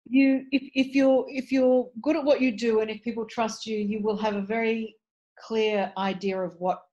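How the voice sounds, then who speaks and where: A woman's voice: a little high, moderate pace, muffled recording. A woman, a voice and dialect coach, speaking articulately and with energy in an interview. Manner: articulate, animated, restarts phrases. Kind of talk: interview conversation.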